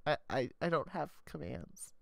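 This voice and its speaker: A man's voice: a little high, very animated, normal speed, gravelly, fairly bright tone, dry recording. A man streaming live, reading an interactive story game aloud with chatty, joking asides. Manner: chatty, laughs often, jokey asides.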